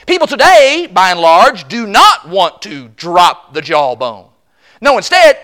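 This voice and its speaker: Lively bright-voiced preacher. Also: medium pitch, unhurried. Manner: emphatic, acts out quoted voices. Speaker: pastor. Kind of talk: sermon.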